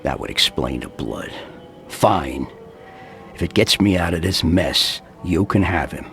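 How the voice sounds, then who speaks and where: Cynical game barkeeper: deep, gravelly, slow and mocking. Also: male voice, lively intonation, fairly bright tone, soft background music, full character voice. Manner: blunt, mocking and world-weary. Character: gruff, cynical barkeeper of a seedy pub. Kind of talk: video game voice acting.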